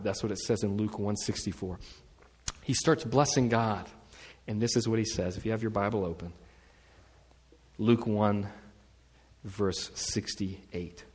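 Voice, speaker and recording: A man preaching a sermon as pastor, talking in a casual, lively way with asides and humor. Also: fairly low pitch, slightly rough, in a large hall.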